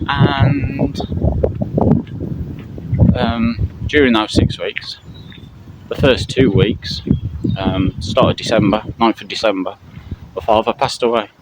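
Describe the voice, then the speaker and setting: A middle-aged man from Britain talking to his viewers while out on a walk, halting and full of fillers, out of breath. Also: lowish voice, steady tone. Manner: halting, many fillers and restarts. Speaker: camping channel vlogger. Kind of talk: casual spoken update to viewers while walking. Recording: loud outdoor traffic noise.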